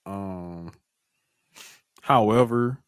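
Low voiced podcast guy going off, swearing a lot, repeats himself, dry mic. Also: very slow, clean tone, dry recording. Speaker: podcast co-host. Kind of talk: casual profane chat.

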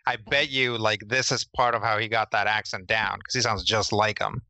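A man joining a podcast in casual chat, quick-witted with stammering starts. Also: lowish voice, fairly even intonation, pushed and bright, no room sound.

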